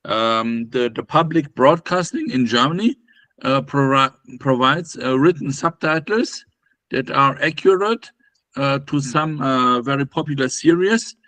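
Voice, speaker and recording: A man's voice: mid-range voice, expressive, a little slow, sharp tone. Man guest chatting with dry remarks. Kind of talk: casual discussion.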